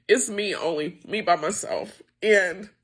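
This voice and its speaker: A woman's voice: medium pitch, expressive, unhurried, a bit bright, slightly rough. A middle-aged woman who owns a small business, making an emotional, impassioned appeal to her viewers, frustrated and close to tears. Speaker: small business owner and founder. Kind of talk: emotional direct-to-camera appeal.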